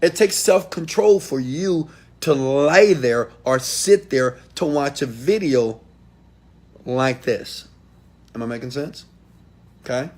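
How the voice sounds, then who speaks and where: A man giving a motivational talk straight to his viewers, emphatic, swinging from quiet asides to loud outbursts. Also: fairly high pitch. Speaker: motivational speaker.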